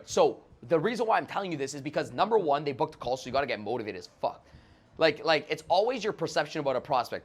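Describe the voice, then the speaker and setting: A man talking as a guest sales trainer in an interview, brash and profane, acting out sales calls as he explains. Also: on the high side. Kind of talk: animated podcast interview.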